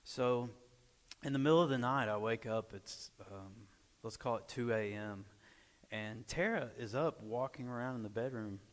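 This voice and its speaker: A man in his forties from Arkansas, telling a lively personal story at church and acting out the dialogue. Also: medium pitch, moderate pace. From Arkansas, USA. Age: 40s. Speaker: church speaker. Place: church sanctuary. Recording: echoey church hall.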